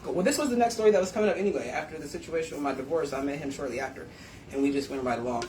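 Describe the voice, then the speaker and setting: A woman hosting a live stream, telling stories in a blunt, profane, animated way. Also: deep voice, racing, background noise. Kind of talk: casual live-stream storytelling. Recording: echoey room, distant from mic.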